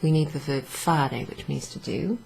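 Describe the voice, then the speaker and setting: A woman's voice: low-pitched, moderate pace, vocal fry, dark tone, slight background noise, low-quality recording. A tired woman teaching a casual language lesson, explaining patiently while writing examples on a board. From Wales.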